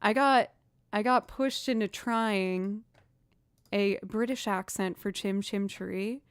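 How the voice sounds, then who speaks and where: A woman's voice: mid-range voice, slow pace, clean tone, dry recording, studio quality. A young woman chatting casually with her live-stream audience, rambling with fillers and restarts. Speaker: streamer and musician.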